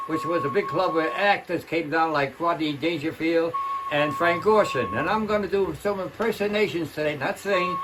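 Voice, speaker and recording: An older man chatting in a rambling way between impressions at an online open mic, recorded on a home webcam. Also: high voice. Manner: rambling, chatty, self-interrupting.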